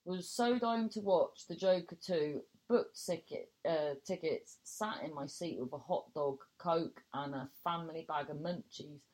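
Chatty woman presenter, lowish voice. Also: a little slow, hardly any pauses. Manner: animated, exclaiming, swings high in surprise. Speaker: radio presenter reading listener messages. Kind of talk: chatty radio phone-in style presenting.

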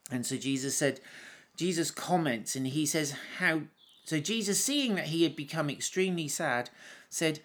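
A man's voice: fairly high pitch, lively intonation, normal speed, fairly bright tone. A man giving informal Bible teaching in a conversational, storytelling way, often breaking into laughs.

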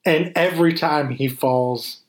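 Casual male talker, fairly high voice, animated and profane. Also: unhurried. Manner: animated, swears freely, acts out scenes. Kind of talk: casual chat.

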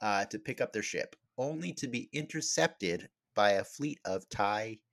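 Low-voiced man hosting a podcast. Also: animated, vocal fry, dry recording, studio quality. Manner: rambling, many restarts and fillers, quick bursts. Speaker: podcast host. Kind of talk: casual podcast chat.

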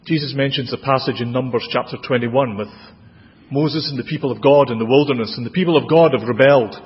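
A man with a Scottish accent preaching a sermon, expressive, with dramatic rises in pitch and volume. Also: quick pace. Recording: dull, lo-fi with long hall reverb.

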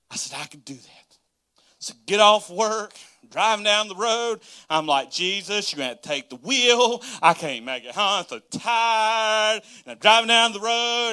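A man preaches by telling a story, folksy and animated. His voice sits high and sounds bright and forceful. He calls the congregation "y'all" and breaks into short laughs along the way. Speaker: pastor. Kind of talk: storytelling sermon.

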